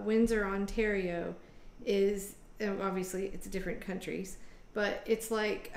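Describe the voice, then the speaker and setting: A woman's voice: mid-range voice, echoey room. A woman from Michigan hosting a casual chat over a video call, rambling with many fillers. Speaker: host.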